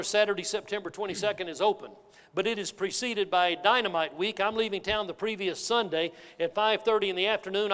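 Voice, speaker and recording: A man giving a keynote sales speech, telling a folksy, animated story to a live audience. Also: high-pitched, smooth. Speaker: motivational sales speaker. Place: large hall with an audience. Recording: reverberant hall.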